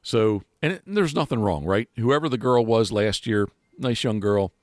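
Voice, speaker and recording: Male podcast host, deep and dry-miked, loose rambling chat full of restarts. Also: lively intonation, moderate pace, no echo. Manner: rambling, many restarts and fillers. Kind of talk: casual chat. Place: outdoors.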